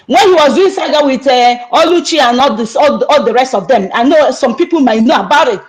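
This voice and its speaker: A woman with a Nigerian accent, middle-aged, rants angrily on a livestream. Her voice sits high and she scolds in repeated bursts. She talks to her audience directly. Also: poor audio. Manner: angry, scolding, repetitive. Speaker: online activist speaker. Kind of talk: heated livestream rant.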